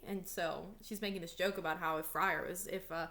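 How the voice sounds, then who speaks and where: A woman's voice: fairly low pitch, fairly even intonation, a little fast, few pauses, fairly bright tone. Chatty young woman teaching a lesson. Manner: chatty, lots of likes and ums, dramatic when reading lines aloud. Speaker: English teacher. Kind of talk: casual read-aloud lesson.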